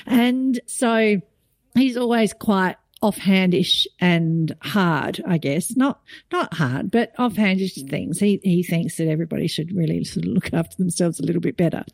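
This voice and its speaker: Animated middle-aged woman telling a story. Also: fairly low pitch, gravelly, dry recording, studio quality. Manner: animated storytelling, voice rising when emotional. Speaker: podcast co-host. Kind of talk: casual chat.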